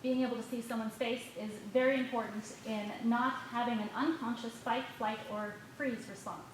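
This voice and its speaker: A woman delivers a prepared public comment at a school board meeting, reading quickly and pointedly from her notes. Her fairly high voice rings out in a very echoey meeting hall. A faint hiss of noise sits underneath. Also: fairly even intonation. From United States. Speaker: parent giving public comment.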